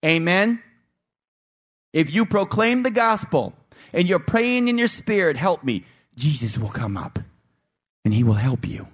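A man's voice: sits high, sing-song, unhurried, pauses often. Emphatic preaching man. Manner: emphatic, repetitive, calls for "Amen". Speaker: pastor. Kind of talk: sermon.

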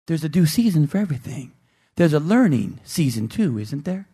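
A man's voice: on the high side, very animated, normal speed, warm tone, husky. Emphatic preaching man. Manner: emphatic, repetitive, calls for "Amen". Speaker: pastor. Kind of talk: sermon.

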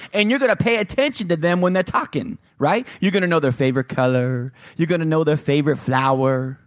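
A man's voice: mid-range voice, dry recording. Emphatic preaching man, dry close sound. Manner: emphatic, rising and falling preaching delivery. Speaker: pastor. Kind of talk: sermon.

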